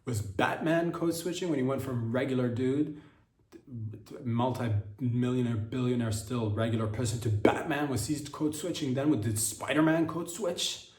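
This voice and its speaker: A man's voice: medium pitch, moderate pace, a little mellow, recorded from a distance. Man, comedy podcast host, rambling irreverent monologue, echoey room. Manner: rambling, irreverent rhetorical riffs.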